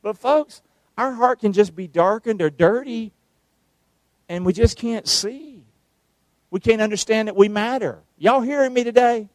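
A male preacher, giving a sermon, calling on the congregation to answer and shouting verses out. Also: high voice, unhurried, no room sound. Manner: calls for responses, shouts the verses out.

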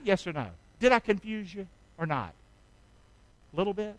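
A man preaching a sermon, swinging from hushed lines to shouted ones with call-and-response. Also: high voice, expressive, normal speed, pauses often, rough recording. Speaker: pastor.

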